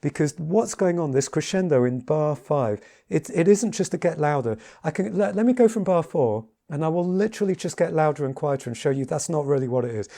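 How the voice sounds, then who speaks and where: A man giving a casual piano lesson, talking in a halting way with many repeated words and fillers. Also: fairly high pitch, animated, vocal fry, warm tone. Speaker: piano teacher. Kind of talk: casual spoken tutorial. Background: piano playing between remarks.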